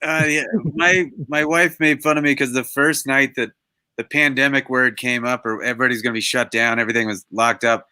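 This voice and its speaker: A man, a comedian guest, telling a story in a relaxed, laid-back way. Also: medium pitch, a little fast, clear, resonant tone, dry recording. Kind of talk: casual comedy chat.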